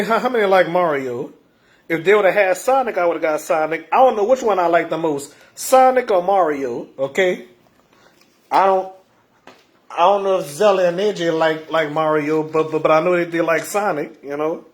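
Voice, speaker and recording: A man talks casually to his livestream viewers, tripping over and repeating his words and chuckling often. His voice sits a little high. The camera mic picks him up in an echoey room at home. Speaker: livestream host.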